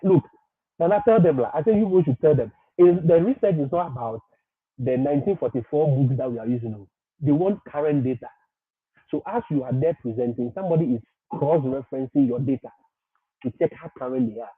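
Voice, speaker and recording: A man hosting a livestream, talking emphatically and circling back over his points with frequent laughs. His voice sounds a little husky, and the audio is thin and phone-like, in a dry room with no echo. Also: mid-range voice, expressive, fairly quick. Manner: emphatic, repetitive, laughs often. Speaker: livestream host. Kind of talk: livestream advice talk.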